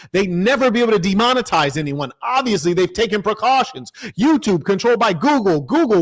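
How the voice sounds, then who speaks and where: A man's voice: sits high, dry recording, clean studio sound. An American man telling a story and ranting on a stream, mocking and acting out the dialogue. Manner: animated, mocking, acts out dialogue. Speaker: livestream host. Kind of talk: casual storytelling rant.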